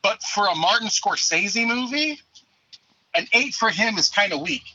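A man's voice: high-pitched, animated, normal speed, bright, forceful tone, husky, dry recording, lo-fi sound. A man calling in as the show's movie reviewer, talking casually and stumbling over repeated words, with some swearing. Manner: hesitant, repeats words, profane. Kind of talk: casual call-in chat.

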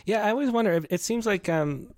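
A man hosting an interview, musing out loud with many hesitant fillers. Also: sits high, lively intonation, quick pace, no room sound. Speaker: host. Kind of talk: casual interview chat.

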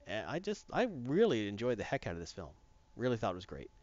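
A man casually reviewing a film on a podcast, animated and playful as he recaps scenes. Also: fairly low pitch, quick pace, no room sound. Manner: animated, acts out scenes in funny voices. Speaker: podcast co-host. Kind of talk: casual movie review chat. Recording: dull lo-fi dry sound.

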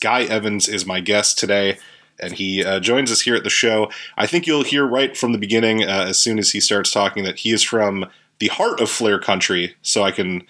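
A man's voice: on the low side, sharp tone. A man hosting a podcast in a casual, rambling way, full of fillers and restarts, speaking from a home recording setup. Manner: chatty, rambling with many fillers. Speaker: podcast host.

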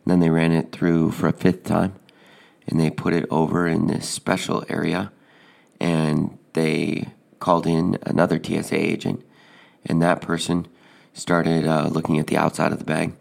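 A man telling a personal anecdote in a deadpan, hesitant way, with frequent fillers. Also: very deep voice, normal speed, gravelly. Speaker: storyteller.

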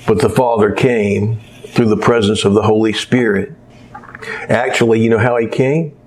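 A lowish, slightly mellow male voice with fairly even intonation delivers a sermon at normal speed. He weaves in stories as a rambling storyteller, sometimes losing his place and restarting.

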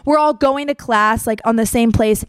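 A young woman on her podcast tells a story in a talkative, open way, voicing the quotes and swearing liberally. Her slightly high voice is smooth and moves at a normal speed, in a clean studio recording with no room sound.

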